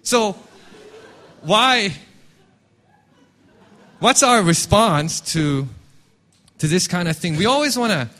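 A man preaching a sermon as a pastor, talking candidly and telling stories with restarts. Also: high-pitched. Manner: animated, candid storytelling with frequent restarts.

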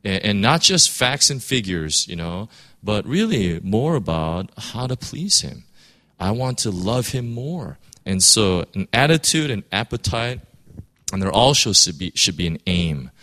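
A man preaching a sermon in a halting way, often repeating words and restarting. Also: on the low side, sing-song, sharp tone. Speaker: pastor.

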